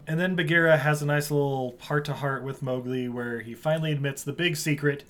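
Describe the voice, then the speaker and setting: A man casually recapping a film plot for friends on a podcast, animated and laughing, with many restarts. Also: on the high side, fairly quick. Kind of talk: casual chat.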